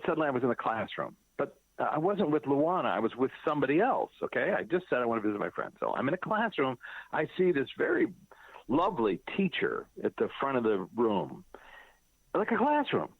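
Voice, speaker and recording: Middle-aged male guest, lively storyteller who acts out the voices he quotes, thin phone-line sound. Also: medium pitch, breathy edge, dry recording. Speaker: guest author telling a personal story. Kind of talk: animated conversational storytelling. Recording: dry, phone-like narrow sound.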